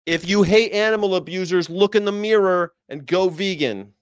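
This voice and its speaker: A man's voice: sits high, moderate pace, a little hiss or hum. A man hosting a reaction video, brash and joking, swearing and repeating short slogans. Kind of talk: blunt reaction commentary.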